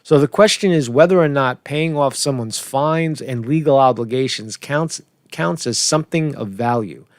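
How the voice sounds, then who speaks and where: A man giving casual political commentary, rambling and profane, repeating "right?" and chuckling at his own lines. His voice is gravelly, and it sits in a dry, close recording. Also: mid-range voice, moderate pace, few pauses, no echo. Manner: restarts sentences, chuckles at his own jokes.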